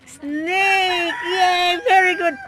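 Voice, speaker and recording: A woman's voice: extremely high pitch, steady tone, extremely slow, background noise. A young Filipino woman, an early childhood educator, patiently teaching a toddler at home, repeating simple prompts. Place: home, just woken up.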